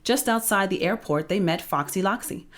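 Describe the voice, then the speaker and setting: A woman reading a children's picture book aloud in a playful, expressive storytelling voice. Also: mid-range voice, moderate pace.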